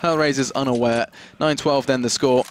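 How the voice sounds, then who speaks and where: A man's voice: mid-range voice, steady tone, normal speed, smooth. A man giving live esports commentary on a headset mic, analytical in tone and speeding up when the action builds.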